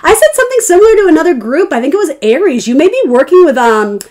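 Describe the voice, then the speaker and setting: A young woman reads tarot for her viewers in a loose, conversational way. Her voice sits a little high, and she rambles through her thoughts with frequent laughter. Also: sing-song, fast talker, a little mellow. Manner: chatty, rambling, laughs often. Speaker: tarot reader. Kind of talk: casual tarot reading.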